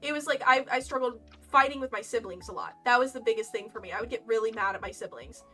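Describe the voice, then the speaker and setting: A young woman streamer with a fairly high voice talks fast in a casual storytime while she crochets. She's animated and laughing, with dramatic swings in her voice as she retells things. Faint lo-fi game music plays behind her, and the mic sounds slightly distant.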